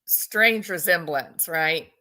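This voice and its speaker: A woman's voice: fairly low pitch, takes it slowly, pushed and bright. A woman giving casual, chatty commentary on a video clip and often asking her viewers questions. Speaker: commentator analyzing body language.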